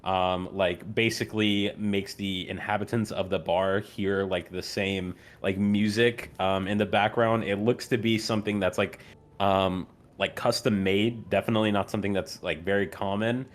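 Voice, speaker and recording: A man's voice: lowish voice, steady tone, normal speed. Casual young male dungeon master. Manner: loose, filler-heavy, swearing. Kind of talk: casual game narration.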